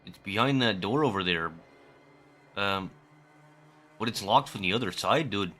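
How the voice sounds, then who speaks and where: A man putting on a low laid-back Canadian townsman. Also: a little slow, pushed and bright, soft background music. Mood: apologetic. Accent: put-on Canadian.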